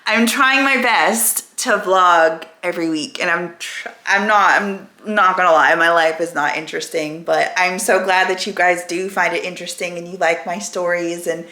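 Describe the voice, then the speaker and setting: A woman's voice: on the low side, normal speed, sharp tone, echoey room. A woman vlogger at home, talking casually and candidly to her camera in a rambling, chatty way. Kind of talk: casual weekly vlog chat. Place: at home, indoors.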